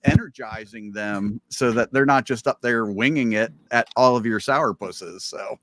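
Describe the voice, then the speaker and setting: A man's voice: mid-range voice, unhurried, a bit bright, no echo. A man co-hosting a casual podcast, joking with his guest, with stammered restarts. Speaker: podcast co-host.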